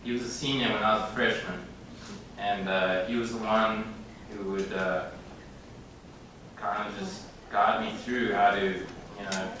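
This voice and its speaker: A man in his thirties delivers an acceptance speech in a halting way, with frequent pauses and filler sounds. His voice sits low. It comes from across a very echoey banquet hall, with clear room noise behind him. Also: steady tone, sharp tone, recorded from a distance. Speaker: hall of fame inductee. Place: large indoor banquet room.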